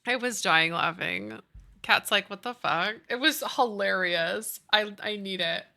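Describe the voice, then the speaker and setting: A young woman streams a building game, chatting casually with friends and viewers, giggling and swearing freely. Her medium-pitched voice is unhurried, gravelly, bright and forceful.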